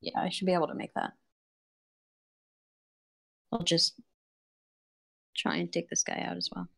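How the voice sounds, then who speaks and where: Gravelly-voiced woman player thinking aloud. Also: on the low side, flat delivery, a bit bright. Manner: quick, thinking aloud about moves. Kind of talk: casual tabletop play.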